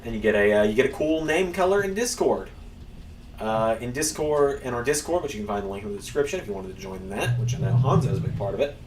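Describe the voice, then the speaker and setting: Fast and full of lively intonation, a medium-pitched man hosts a stream, chatting loosely as he plays. He's recorded from a distance in a roomy space, with a faint hum in the background.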